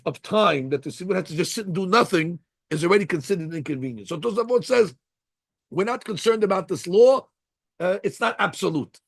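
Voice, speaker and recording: A man, a rabbi, giving an animated Torah class, acting out little scenes as he explains the law. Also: sits high, gravelly, breathy edge, dry recording. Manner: acts out little scenes, lively and conversational.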